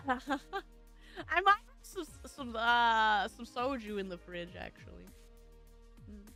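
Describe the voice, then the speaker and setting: A woman's voice: on the high side, lively intonation, slow, bright, forceful tone. A woman streamer chatting casually with her viewers, giggling and laughing often. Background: faint background music.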